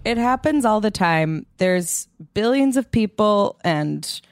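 A woman co-hosting a comedy podcast, making wry deadpan jokes in casual chat. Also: medium pitch, slow pace, soft background music. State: has the hiccups. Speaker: podcast co-host.

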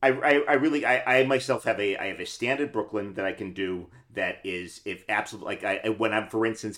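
A man's voice: fairly low pitch, lively intonation, normal speed, few pauses, a bit bright. A man from New York City hosting a conversational podcast interview, joking and wry. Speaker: podcast host.

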